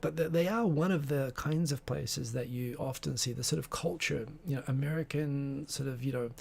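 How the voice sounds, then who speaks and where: Gravelly man rambling on a livestream. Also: medium pitch, moderate pace, a little mellow. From Tokyo-based. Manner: rambling, digressive, many restarts and fillers. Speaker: live-stream host. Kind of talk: casual live-stream chat.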